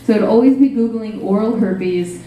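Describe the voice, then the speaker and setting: A woman's voice: on the high side, normal speed, mellow, far from the mic, slight background noise. A young woman doing a stand-up set in a small cafe, rambling and self-deprecating, full of fillers. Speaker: stand-up comedian. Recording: very echoey room, faint ambience.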